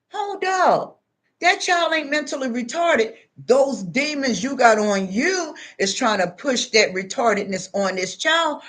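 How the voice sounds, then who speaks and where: An older woman tells a story in a spiritual monologue, acting out the quoted voices with big pitch jumps. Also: fairly bright tone. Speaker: spiritual speaker.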